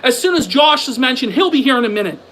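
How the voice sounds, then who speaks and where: Guy with a pretty high voice ranting on stream, swearing, sarcastic, keeps hammering rhetorical questions, faint hiss behind. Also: animated, quick pace, a bit bright, low-quality recording. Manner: combative, profane, sarcastic; repeats himself, rhetorical questions. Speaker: livestream commentator.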